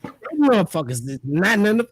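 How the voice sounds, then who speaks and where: A man's voice: high voice, big pitch swings, a little fast, slightly rough, dry recording. A man hosting a casual chat, telling stories animatedly with lots of profane slang and frequent laughter. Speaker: podcast host.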